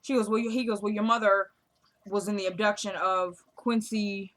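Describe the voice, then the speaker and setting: A woman's voice: medium pitch, steady tone, moderate pace, a bit bright. Chatty woman acting out a TV recap. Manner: retells scenes by acting out the characters' lines. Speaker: TV recap vlogger. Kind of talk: casual episode recap.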